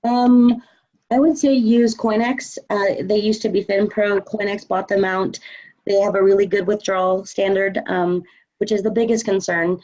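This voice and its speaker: Woman trading coach, mid pitch, assured and chatty, on muffled lo-fi stream audio. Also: level tone, normal speed, a little mellow. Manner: confident, chatty, many fillers. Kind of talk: casual live Q&A chat.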